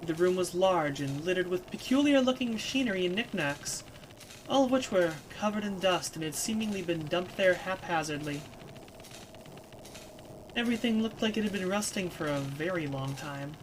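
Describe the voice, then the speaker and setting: A woman's voice: lowish voice, expressive, normal speed, slight background noise, low-quality recording. A woman streamer who reads a story game aloud and breaks off into casual, chatty asides. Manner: casual, chatty, with fillers between reading.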